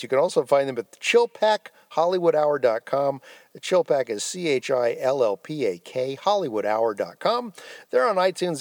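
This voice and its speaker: Animated man hosting a podcast, dry sound. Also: medium pitch, no echo. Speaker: podcast host. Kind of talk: podcast segment narration.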